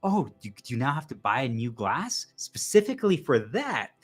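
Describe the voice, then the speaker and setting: Rambling, animated man with faint music. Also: mid-range voice, normal speed, husky. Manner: rambling and animated, swings into loud exclamations. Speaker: video host. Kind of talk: casual monologue.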